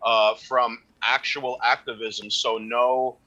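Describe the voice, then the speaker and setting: Very bright-voiced man, rambling host. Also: mid-range voice, level tone, takes it slowly, muffled recording. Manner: rambling, restarts his points. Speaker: stream host. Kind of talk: casual discussion.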